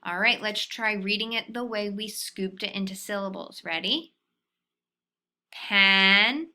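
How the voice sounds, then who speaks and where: A woman's voice: mid-range voice, fairly even intonation, normal speed, sharp tone. A woman teaching a phonics lesson to young children, patient and sounding out syllables.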